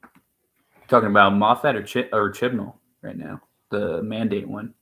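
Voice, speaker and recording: A man's voice: lowish voice, steady tone, a little slow, creaky, a bit bright. A man co-hosting a stream in casual chat, rambling and opinionated, with many restarts. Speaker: stream co-host.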